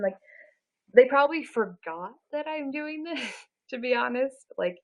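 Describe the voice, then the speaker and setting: A woman's voice: lowish voice, poor audio. A woman in her twenties chatting casually on a live stream, self-deprecating and full of fillers. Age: 20s. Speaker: livestreamer.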